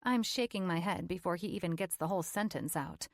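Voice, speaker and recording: A woman's voice: fairly low pitch, a little fast, dry recording, clean studio sound. A woman narrating a first-person romance audiobook in a wry, playful storytelling manner.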